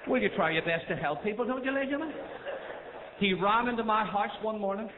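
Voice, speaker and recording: A Northern Irish comedian fires off one-liners to a live crowd, coaxing them in between jokes. His voice sits high, and the sound is tinny and narrow, with a long hall reverb and a noisy background. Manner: chatty, coaxing the crowd, rapid gag delivery. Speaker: stand-up comedian. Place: large theatre stage. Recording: echoey theatre, tinny thin sound, noisy. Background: audience laughter.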